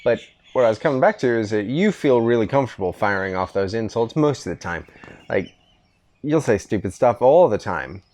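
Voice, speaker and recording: Easygoing middle-aged man, lowish voice. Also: lively intonation, a little fast, darkish tone. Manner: rambling, easygoing storytelling with restarts. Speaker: podcast host. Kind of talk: casual father-son chat. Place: outdoor veranda.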